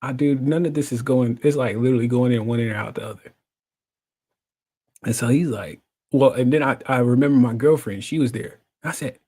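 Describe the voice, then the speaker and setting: A man in his thirties, a guest, tells a personal story in a warm, slightly breathy, medium-pitched voice at a moderate pace. He jokes, laughs often, and acts out the other people's voices.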